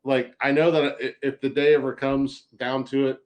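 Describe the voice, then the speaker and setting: A man's voice: mid-range voice, level tone, moderate pace. A man co-hosting a podcast in casual chat, talking bluntly and joking, on a close mic. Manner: blunt, joking, reads listener messages aloud. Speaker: podcast co-host.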